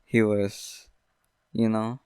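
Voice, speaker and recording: Young man, podcast host, rambling deadpan comedy, lowish voice, dry close sound. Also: drawn-out words, clean tone, no room sound. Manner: deadpan absurd, rambling with many fillers.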